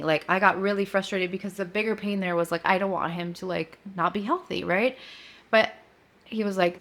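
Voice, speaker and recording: A woman's voice: mid-range voice, fairly quick. A woman in her thirties hosting a podcast, telling a personal story in a candid, confessional way and acting out her own quotes with energy. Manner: candid, confessional, animated retelling. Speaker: podcast host.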